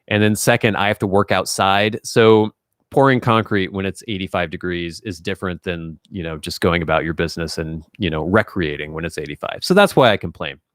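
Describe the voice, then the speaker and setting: Relaxed low-voiced host, dry sound. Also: male voice, brisk, no echo. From US Northwest. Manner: relaxed and chatty, reads questions aloud then answers. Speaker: live-stream host answering viewer questions. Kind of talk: casual live-stream Q&A.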